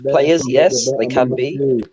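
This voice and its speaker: A man's voice: mid-range voice, steady tone, takes it slowly, lo-fi sound, over a noisy crowd. A man with an ordinary mid-range voice pressing his point on a call. He strings his argument together with a lot of "like", and typing can be heard behind him. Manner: insistent, filler "like" heavy. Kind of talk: casual chat on a video call.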